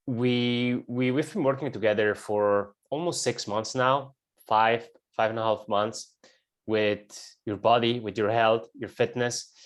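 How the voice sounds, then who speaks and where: Guy coach with a lower voice, asking questions calm and encouraging. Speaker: fitness coach, host. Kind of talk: interview questions.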